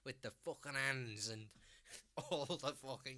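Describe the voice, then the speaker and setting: A man with a strong Scouse accent talks in a very bright, cutting voice. He rants in a blunt, mocking way, swearing as he goes, like a streamer chatting casually to his viewers. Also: medium pitch, fairly even intonation, measured pace. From Liverpool, England. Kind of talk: casual ranting commentary.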